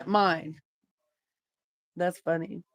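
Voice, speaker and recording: This middle-aged streamer draws out her words in a lowish, steady voice as she reads comments from chat and talks casually, bluntly and with frequent swearing. There's no room sound.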